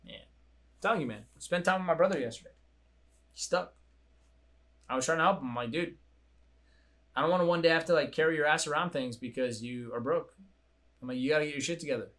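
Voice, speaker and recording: A young man hosting a coaching show, talking in a blunt, profane, animated way. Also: on the high side, brisk, long pauses. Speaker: coaching podcast host. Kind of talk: casual chat.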